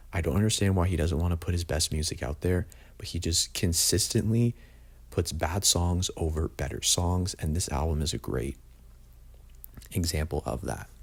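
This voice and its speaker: Young man with a low husky voice. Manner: opinionated, blunt, says "like" often. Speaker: music reviewer. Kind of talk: casual album ranking review.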